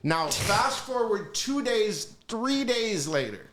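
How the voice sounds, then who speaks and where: A man's voice: sits high, sing-song, slow pace, fairly bright tone, a little hiss or hum. A man, a music executive, telling stories as a podcast guest in a loose, profane way, often asking "you know what I mean". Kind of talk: casual storytelling in a podcast interview.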